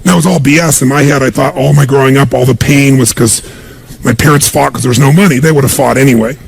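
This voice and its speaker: A man's voice: mid-range voice, steady tone, fast, vocal fry, breathy edge. A man giving a live motivational seminar speech, speaking emphatically and quizzing the crowd with call-and-response questions.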